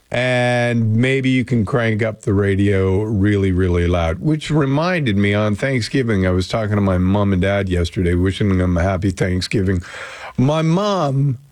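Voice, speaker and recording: A man's voice: mid-range voice, a little mellow, no room sound. A man from Canada hosting a casual radio show from a studio, talking in a rambling, jokey way. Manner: chatty, rambling, jokey asides. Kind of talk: casual morning radio chat. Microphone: close studio mic.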